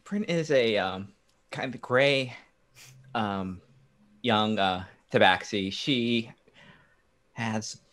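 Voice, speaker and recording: Male tabletop player, lowish voice, hesitant with fillers. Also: a bit bright. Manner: halting, with many fillers. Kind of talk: casual tabletop play.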